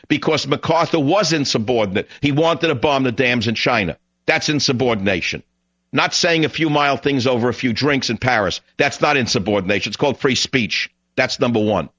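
A man's voice: medium pitch, fairly bright tone, no echo. A man hosting a talk radio show, delivering an angry, ranting monologue full of rhetorical questions, his voice strained. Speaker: radio talk show host taking calls. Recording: dull, dry broadcast audio.

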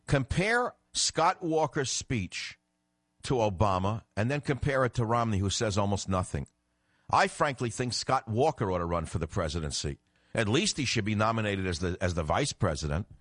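A middle-aged man hosting a political talk radio show, combative and emphatic, swinging from low muttering to loud outbursts. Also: lively intonation, moderate pace, no room sound, studio quality.

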